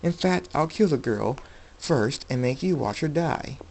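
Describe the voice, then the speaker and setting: A man's voice: on the high side, lively intonation, measured pace, vocal fry, background noise, voice pushed up. A man reading a story aloud, voicing a cruel, cocky armed gunman who taunts and boasts. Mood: taunting.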